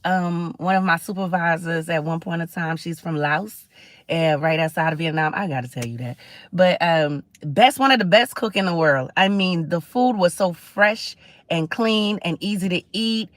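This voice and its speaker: A chatty middle-aged woman hosts her livestream, speaking in a fairly low voice. She talks in a preachy, conversational way and greets viewers as she goes. The sound is dry and close, with no room echo. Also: moderate pace. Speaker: livestream host. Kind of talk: casual livestream talk.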